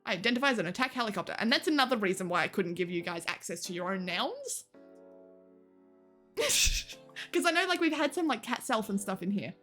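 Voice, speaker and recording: A woman's voice: mid-range voice, very animated, a little fast, pauses often, fairly bright tone, faint music behind. A woman livestreamer chatting casually with her viewers, laughing often, swearing now and then and reading chat aloud.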